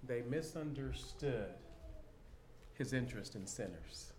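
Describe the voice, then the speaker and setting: A man preaching a sermon in an animated way, acting out people's reactions and repeating his key lines. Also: medium pitch, a little slow, a little hiss or hum. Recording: echoey room.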